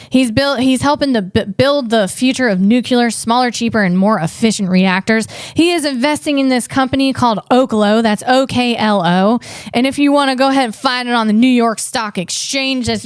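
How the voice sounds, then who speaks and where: A woman's voice: a little high, clean tone, no room sound, clean studio sound. Chatty woman comedian. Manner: chatty, riffing, self-interrupting. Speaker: podcast host, comedian. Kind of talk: casual comedic commentary.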